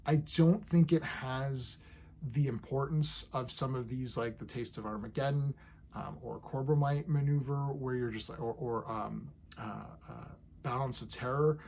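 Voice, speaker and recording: Gravelly, rambling male reviewer. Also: medium pitch, unhurried, a little mellow. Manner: rambling and enthusiastic, acts out scenes. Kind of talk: casual episode review.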